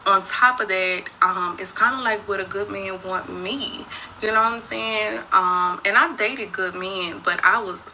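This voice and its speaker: A woman's voice: medium pitch, a little slow, pushed and bright, slight background noise, poor audio. A woman and single mother speaking in a confessional social media video, candid and profane, talking straight to her viewers. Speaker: single mother, former dancer.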